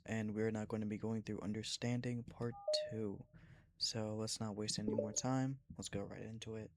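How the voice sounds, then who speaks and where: A man's voice: fairly low pitch, little pitch movement, normal speed, fairly bright tone, slight background noise. A man hosting a let's play, giving casual, chatty commentary with frequent laughter and joking asides.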